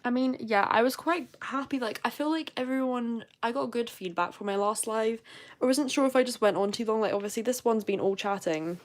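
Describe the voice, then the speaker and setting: A woman's voice: a little high, a little fast. A young woman with a posh southern English accent, chatting casually and rambling as host of a live stream. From southern England.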